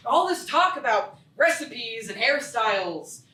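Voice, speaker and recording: An actress playing a preachy, big-headed young surfer who lectures a friend. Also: female voice, on the high side, sing-song, a little slow, bright, forceful tone, exaggerated voice. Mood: lecturing. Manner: lecturing, smug. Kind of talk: live stage acting. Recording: echoey theatre stage from far off.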